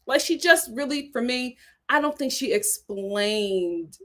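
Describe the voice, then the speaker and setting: Animated woman reacting to live chat. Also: on the high side, takes it slowly. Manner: animated, reads viewer comments aloud and reacts emphatically. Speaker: host reading live chat comments. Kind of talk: casual live-stream commentary.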